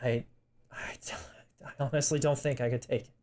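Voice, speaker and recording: A young man talking in a personal vlog, emotional and close to tears, halting with many restarts, apologizing and swearing. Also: mid-range voice, steady tone, a little mellow. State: emotional, tearing up. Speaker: vlogger.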